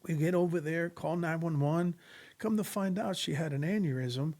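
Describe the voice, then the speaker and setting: A man's voice: fairly high pitch, normal speed, a little mellow. Earnest man telling a testimony. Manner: earnest, preacherly, acts out quoted voices. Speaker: podcast guest sharing testimony. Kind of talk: storytelling testimony in casual conversation.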